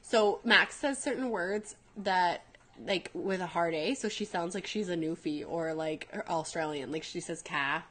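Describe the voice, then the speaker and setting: Lively woman telling funny stories. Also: on the low side, unhurried. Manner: animated storyteller, laughs often, quotes others. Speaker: co-host, personal trainer. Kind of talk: casual chat.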